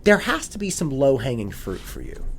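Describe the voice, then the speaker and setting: A man in his forties hosting a casual interview, chatty and quick to tell stories. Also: mid-range voice, big pitch swings, vocal fry, slight background noise. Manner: chatty, storytelling, quotes people in voices. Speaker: podcast host.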